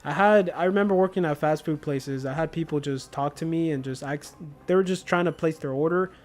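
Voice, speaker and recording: Young man, casual streamer chat, laid-back storyteller, slangy, slightly high voice. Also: brisk, soft background music. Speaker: livestreamer. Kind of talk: casual chat while gaming.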